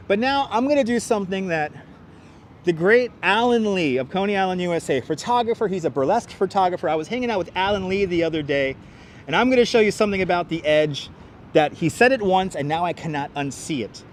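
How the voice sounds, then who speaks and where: Out on an elevated city park walkway, a livestream host leads a casual walking tour, chatting with viewers and laughing often. His high-pitched, expressive voice moves briskly through a wireless clip-on mic, with slight background noise.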